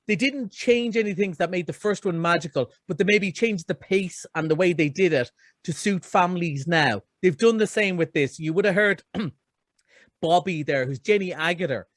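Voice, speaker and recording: High-voiced chatty man. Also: no room sound, studio quality. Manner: enthusiastic, chatty, rambling. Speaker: film reviewer. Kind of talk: casual radio chat.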